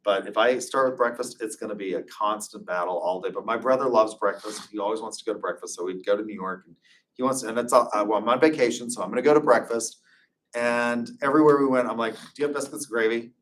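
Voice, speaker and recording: A man's voice: on the low side, quick pace, distant mic. Chatty man lecturing. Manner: chatty, anecdotal, loose storytelling. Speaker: instructor. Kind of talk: informal classroom lecture.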